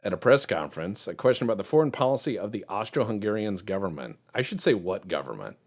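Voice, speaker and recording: A man's voice: fairly low pitch, big pitch swings, quick pace. A man hosting a casual video game commentary, cracking jokes and laughing often. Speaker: game streamer.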